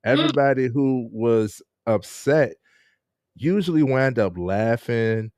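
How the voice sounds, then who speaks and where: A man's voice: mid-range voice, animated, takes it slowly, darkish tone, no echo, studio quality. A man hosting a casual live-stream interview, laid-back and laughing often as he greets viewers. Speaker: host.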